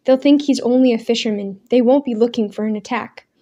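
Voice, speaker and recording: A woman's voice: fairly high pitch, fairly quick, mellow, highs cut off, close to an everyday voice. Woman doing an earnest, desperate young man. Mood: urgent. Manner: earnest, pressing.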